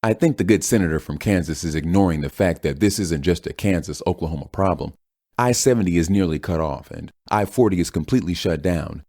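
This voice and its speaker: Poised male senator in an audiobook, played by a man, measured and official, deep and dry. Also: warm tone, no echo.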